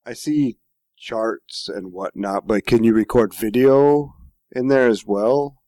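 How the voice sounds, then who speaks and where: A man co-hosting a casual chat, relaxed and given to wry quips. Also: mid-range voice, slow, dry recording. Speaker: podcast co-host.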